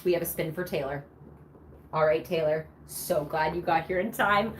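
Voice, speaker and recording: A woman's voice: lowish voice, moderate pace, a little hiss or hum. A woman hosting a live shopping show, bubbly and chatty, cheering during the prize wheel spins. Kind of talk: upbeat live sales presentation.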